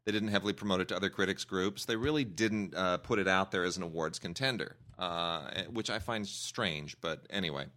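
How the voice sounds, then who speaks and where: A man's voice: deep voice, a little fast, few pauses, pushed and bright. A man co-hosting a podcast, chatting casually and opinionatedly about films and home video releases. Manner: enthusiastic, opinionated, talks in long runs. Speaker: podcast co-host. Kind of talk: casual film review chat.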